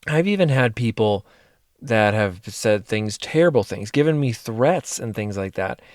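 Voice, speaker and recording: A man's voice: fairly low pitch, lively intonation, measured pace, dry recording, studio quality. A man coaching his listeners in a motivational monologue, speaking directly and earnestly and repeating phrases for emphasis. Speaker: life coach and mentor.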